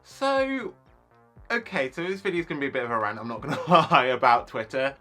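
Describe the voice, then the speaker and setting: A man's voice: medium pitch, animated, brisk, bright, forceful tone, faint music behind. A young man, ranting casually in a vlog, chatty and full of likes and you knows. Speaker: YouTuber.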